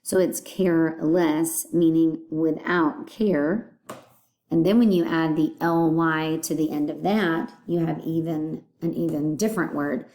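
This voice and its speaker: A woman's voice: low-pitched, fairly even intonation, measured pace, dark tone. A woman teaching a phonics lesson, patiently breaking words into their parts and explaining what they mean.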